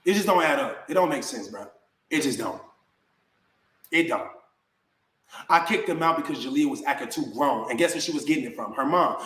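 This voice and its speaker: A vlogger rants heatedly to the camera, indignant and repetitive, addressing his viewers as bro. His voice is a little high and fairly bright, and the sound is reverberant.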